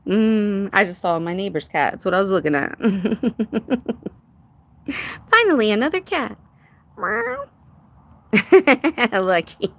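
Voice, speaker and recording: Woman live-stream host, unhurried, casual and sarcastic. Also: mid-range voice, animated. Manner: chatty, laughs often, greets chat viewers by name; sarcastic, says dude and y'all. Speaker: livestream host.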